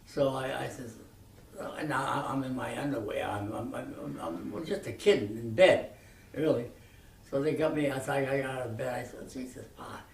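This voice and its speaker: A man in his nineties telling rambling, animated stories from his youth, with many restarts, recorded from a distance. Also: medium pitch, normal speed, vocal fry. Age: 90s. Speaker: interviewee. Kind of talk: reminiscing storytelling. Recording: echoey room from far off, faint noise.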